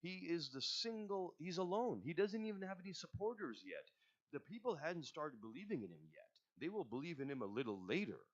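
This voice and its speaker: A man telling a sacred story as a sermon, speaking straight to his listeners. His pitch swings widely as he acts out the story. The sound is dull and lo-fi. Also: a little fast. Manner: expressive, addresses listeners directly. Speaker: majlis speaker. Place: religious centre.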